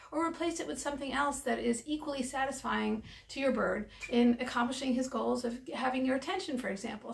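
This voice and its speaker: A woman veterinarian explaining bird care in a calm, practical educational talk. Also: sits high, gravelly, recorded from a distance. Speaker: avian veterinarian.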